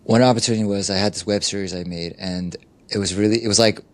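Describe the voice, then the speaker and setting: A man's voice: on the low side, fairly even intonation, fast talker. A middle-aged man, a life coach, telling candid stories in an interview, acting out the people he quotes and saying "you know" often. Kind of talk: candid conversational storytelling.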